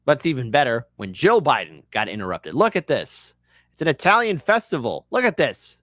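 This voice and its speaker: A man's voice: mid-range voice, big pitch swings, a little fast, a bit bright, dry recording, studio quality. A man hosting an online commentary show, talking casually with a sarcastic, mocking manner. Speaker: political commentary host.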